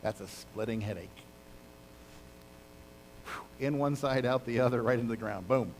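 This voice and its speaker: A male pastor preaching a casual, animated sermon, retelling a story with exclamations and asides. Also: mid-range voice, normal speed, gravelly, a little hiss or hum, rough recording.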